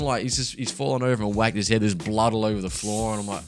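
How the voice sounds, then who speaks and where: A man's voice: on the low side, steady tone, fast talker. A young man talking candidly and casually as a podcast co-host, swearing freely and laughing as he tells his story. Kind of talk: casual chat.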